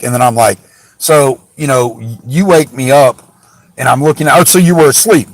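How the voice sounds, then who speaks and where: A frustrated man vents at length about a police encounter, rambling and indignant, circling back with restarts and fillers. His voice sits at an ordinary middle pitch and is recorded dry and close, with no room echo. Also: animated, moderate pace. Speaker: channel host recounting a police encounter. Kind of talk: casual rant to camera. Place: parked car.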